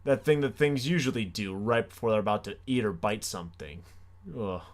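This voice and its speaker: A young man hosts a comedy podcast, telling a story animatedly with self-mocking sarcasm. His voice is fairly low in pitch and he talks fairly quickly.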